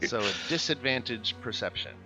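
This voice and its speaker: A man running a tabletop game as dungeon master, talking in a relaxed way with many fillers and chuckles. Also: mid-range voice, fairly quick, music in the background.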